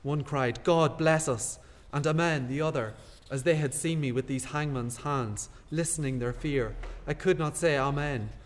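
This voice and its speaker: Actor doing a guilt-haunted nobleman, hushed, brooding, long hall reverb. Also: fairly high pitch, moderate pace, a little hiss or hum, lightly acted. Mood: shaken. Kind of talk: classical stage acting.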